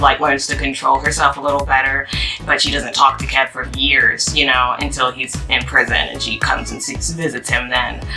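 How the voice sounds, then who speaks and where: A woman's voice: very deep voice, sharp tone, distant mic, low-quality recording. A woman chatting casually about a book she read, full of fillers, and reading her own review aloud. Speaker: book vlogger.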